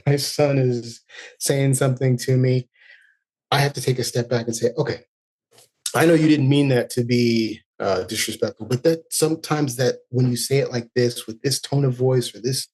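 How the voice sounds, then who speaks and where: A man's voice: mid-range voice, steady tone, moderate pace, darkish tone, husky. A man, a music educator, talking through his thoughts as a podcast guest in a reflective, earnest way. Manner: reflective, earnest, speaks in long thoughtful runs. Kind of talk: casual interview chat.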